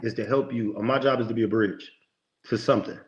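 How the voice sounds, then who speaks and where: Homme au ton emphatique de prédicateur, son un peu étouffé. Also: male voice, medium pitch, fairly even intonation, quick pace, muffled recording. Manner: emphatic, preachy, lots of quoted self-talk. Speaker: podcast guest, motivational speaker. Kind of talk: conversational interview talk.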